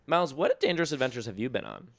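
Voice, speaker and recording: A man's voice: medium pitch, big pitch swings, racing. A man co-hosting a casual chat, asking questions in a playful, teasing way. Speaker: co-host.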